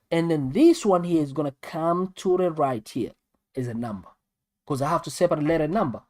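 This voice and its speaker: This man has a high voice, recorded at studio quality with no echo. He's a maths tutor with a South African accent, teaching live online with lots of energy, going over every step twice and addressing viewers head-on.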